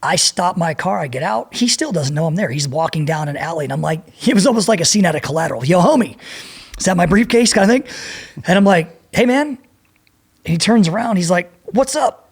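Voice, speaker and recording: A middle-aged man telling a profane, animated story as a podcast guest and acting out the people in it. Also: fairly high pitch, a little fast, creaky, slightly rough. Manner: profane, animated, acts out voices in his anecdote. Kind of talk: storytelling in a casual interview.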